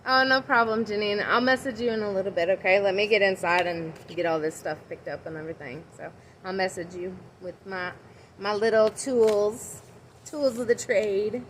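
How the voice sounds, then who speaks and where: A woman's voice: mid-range voice, normal speed, slight background noise, poor audio. A woman giving a casual tarot and oracle card reading on a livestream from outside her house. She chats and rambles and talks to her viewers by name.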